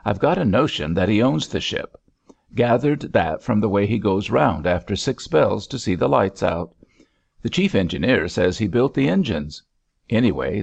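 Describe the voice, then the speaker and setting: A man voicing a gruff, dryly humorous older sea captain who drawls wry remarks, with a creaky, husky voice. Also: lowish voice, darkish tone, full character voice.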